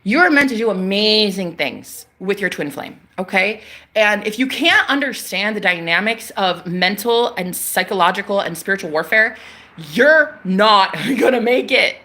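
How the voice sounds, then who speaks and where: In this casual spiritual vlog monologue, a young psychic vlogger talks to her followers in a medium-pitched, sharp-toned voice. She's expressive and unhurried, yet emphatic and slangy, cursing freely as she preaches on spiritual topics.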